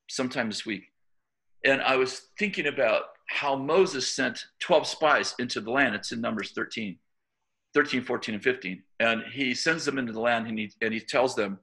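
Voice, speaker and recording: A man's voice: mid-range voice, pushed and bright. A middle-aged man leading a church, preaching informally and telling a story conversationally, with many fillers and restarts. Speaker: church leader.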